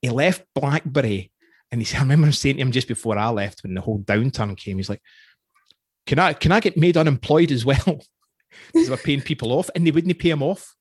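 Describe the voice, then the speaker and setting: Husky Scottish man telling rambling stories. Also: medium pitch, a little fast, darkish tone, no echo, studio quality. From Scotland. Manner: rambling storyteller, chuckles often. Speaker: podcast host. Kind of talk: casual interview chat.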